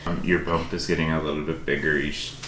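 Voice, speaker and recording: A man chatting alongside his wife on a home vlog, relaxed and supportive. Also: a bass voice, brisk, a little hiss or hum. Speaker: husband co-host. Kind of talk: casual vlog chat. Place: home kitchen. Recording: roomy echo, faint background ambience.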